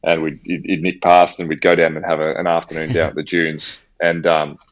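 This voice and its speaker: A man's voice: a bass voice, little pitch movement, fairly quick, dry recording. An Australian man telling a personal story in casual conversation, with slang and acted-out dialogue. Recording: slightly dull, dry audio.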